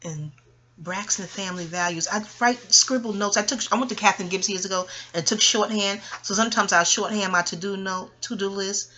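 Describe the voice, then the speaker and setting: A woman in her forties from Queens, New York, talking in a digressive, profane monologue with loud bursts of laughter. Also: mid-range voice, a little fast. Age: 40s. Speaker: channel host. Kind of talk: rambling audio monologue.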